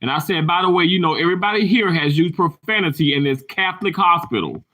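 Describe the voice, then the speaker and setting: Bright, higher-voiced man commenting casually. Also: fast. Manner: animated, candid, storytelling.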